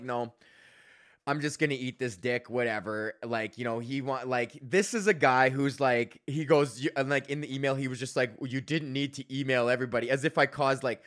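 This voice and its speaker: Ranting young man. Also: medium pitch. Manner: animated, swearing, mocking quoted people. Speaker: podcast host. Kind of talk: casual profane rant.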